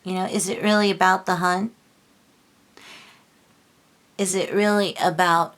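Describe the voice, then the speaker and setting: Woman doing a tarot reading, kinda low voice, gets fired up and scolds, lots of um and you know. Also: unhurried, long pauses, a bit bright. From Los Angeles. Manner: impassioned, scolding, lots of filler and restarts. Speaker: tarot reader.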